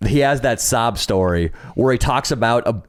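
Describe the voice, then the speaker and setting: A man's voice: mid-range voice, expressive, moderate pace. A man co-hosting a podcast in casual chat, wry and teasing. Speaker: podcast co-host.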